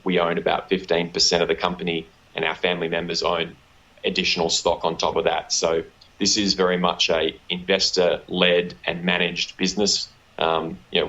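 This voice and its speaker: Australian guy, really low voice, lots of ums and restarts, kinda muffled lo-fi sound. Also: little pitch movement, a bit bright. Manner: halting, repeats words, many ums. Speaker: company executive guest. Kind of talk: business interview.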